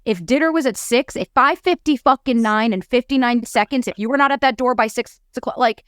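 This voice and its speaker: Fast-talking, blunt young woman. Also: a little high, a bit bright, no room sound, studio quality. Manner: rapid, candid storytelling with frequent swearing. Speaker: podcast guest, dating coach. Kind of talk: casual podcast interview.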